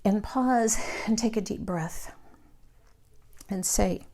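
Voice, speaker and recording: A middle-aged woman, leading a meditation group in a calm, reflective and candid way. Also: medium pitch, slow, pauses often. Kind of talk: meditation class talk.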